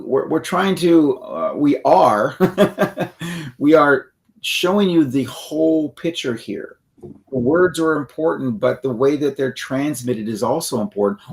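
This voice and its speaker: A man's voice: mid-range voice, darkish tone. A middle-aged man co-hosting an instructional conversation, explaining with frequent restarts and checking in with "okay?". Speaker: co-host.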